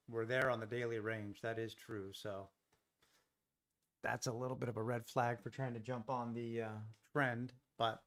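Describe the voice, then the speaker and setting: A man at a mid pitch gives unhurried live trading commentary, thinking out loud as he moves from one market to the next. He keeps questioning his own trade ideas and drops in relaxed, joking asides. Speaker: futures day trader streaming live.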